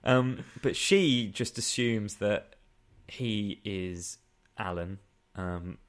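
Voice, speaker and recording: A man's voice: on the low side, extremely slow, smooth. A man co-hosting a casual comedy podcast, reviewing a film in a sarcastic, exasperated way. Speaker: podcast co-host.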